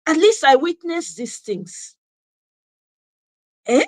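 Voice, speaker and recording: A woman's voice: high voice, animated, moderate pace, no echo. A woman with a Nigerian accent delivering an impassioned monologue, repeating herself for emphasis and slipping into Pidgin asides. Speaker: commentator. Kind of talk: passionate monologue.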